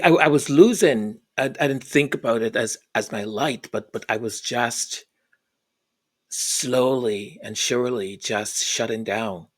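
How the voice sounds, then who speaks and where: A man telling a personal story, halting and repeating words in an earnest way. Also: medium pitch, fairly bright tone.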